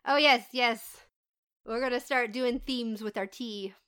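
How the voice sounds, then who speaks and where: A woman's voice: on the high side, steady tone, measured pace, sharp tone, clean tone. A woman who is a parent, co-hosting a podcast in casual chat and retelling show scenes with giggles and swearing. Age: adult parent. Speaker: podcast co-host.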